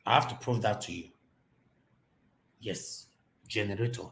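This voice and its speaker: A man's voice: lowish voice, a little slow, creaky, a bit bright. A Nigerian man hosting a live-stream commentary, impassioned and repetitive, talking from his home office. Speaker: host. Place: home office, generator running.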